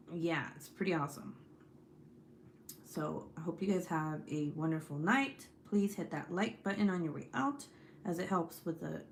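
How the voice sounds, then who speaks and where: A woman's voice: on the low side, a little hiss or hum. A young woman hosting a casual livestream, chatty and profane, leaning on lots of "like" fillers. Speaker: YouTube host.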